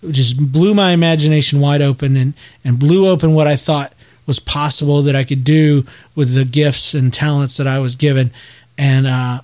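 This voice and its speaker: Chatty man, slightly high voice. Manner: rambling, self-deprecating, many restarts. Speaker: podcast host. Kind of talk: casual solo podcast chat.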